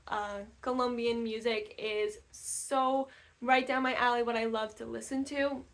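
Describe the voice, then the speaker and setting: A woman's voice: on the high side, a bit bright. A young woman talking casually to camera about learning languages, enthusiastic and repeating words as she thinks. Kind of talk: casual explanatory talk to camera.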